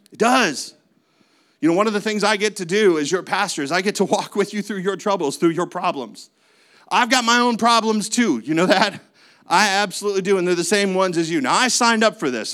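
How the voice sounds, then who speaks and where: A man's voice: sits high, fairly bright tone. A man preaching a sermon as a pastor, with a conversational manner, lots of rhetorical questions and playful asides.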